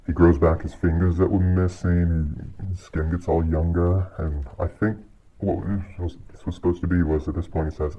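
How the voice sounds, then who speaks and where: A man's voice: low voice, little pitch movement, normal speed. A man giving a casual, exasperated movie rant on his channel, swearing often and sighing between points. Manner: exasperated, profane, frequent sighs. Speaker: video creator reviewing a movie. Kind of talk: casual ranting commentary. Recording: dull lo-fi audio with faint hiss.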